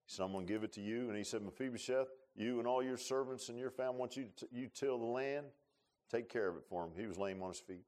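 A male pastor preaching a sermon, repeating himself and swinging from quiet, confiding lines to loud, fervent peaks. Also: medium pitch, fast. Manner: repeats words and restarts, folksy asides.

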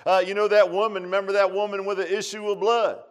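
A man preaching a sermon in a folksy way, swinging between quiet asides and loud exhortation. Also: sits high, little pitch movement, fast. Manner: repeats "I'm gonna tell you what" and "man", asks "huh?".

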